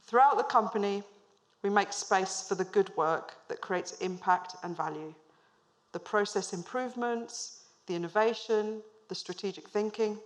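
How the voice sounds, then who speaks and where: With a medium-pitched voice at a moderate pace, a woman in her thirties who works as a managing director gives an on-stage business talk built on storytelling. She engages the live audience with questions and a touch of humor.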